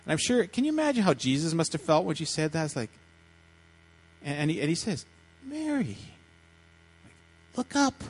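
A man preaching a sermon, retelling a story in lively, animated fashion and acting out the voices with frequent restarts. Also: fairly high pitch, quick pace, husky, low-quality recording. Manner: animated, acts out voices in quotes, many restarts. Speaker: pastor.

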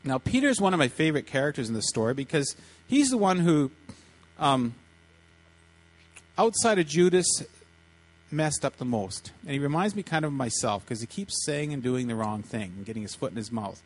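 A man preaching to children, retelling a story in an animated way and often repeating his words as he acts out quotes. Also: mid-range voice, moderate pace. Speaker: pastor speaking to children.

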